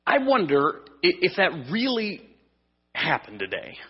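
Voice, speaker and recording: Male pastor, casual conversational preaching, husky voice, lo-fi hall recording. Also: high voice, wildly swooping pitch, unhurried. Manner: conversational preaching with restarts and humor. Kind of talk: evening sermon.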